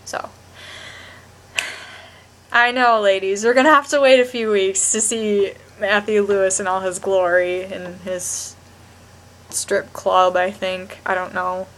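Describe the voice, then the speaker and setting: A woman's voice: medium pitch, fairly even intonation, slow pace, long pauses, fairly bright tone. A young woman vlogging a rambling, gushing TV review with lots of restarts. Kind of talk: casual chat to camera.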